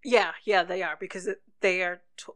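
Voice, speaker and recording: A woman's voice: lowish voice, steady tone, normal speed, a bit bright. A British woman co-hosting a podcast, musing thoughtfully through a TV episode with lots of "like". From United Kingdom. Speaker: podcast co-host. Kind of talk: casual chat recapping a TV episode.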